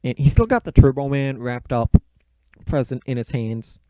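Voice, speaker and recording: A man's voice: medium pitch, moderate pace, dark tone, no echo. A man casually recapping a movie plot in a rambling, profane, offhand way. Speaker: movie reviewer.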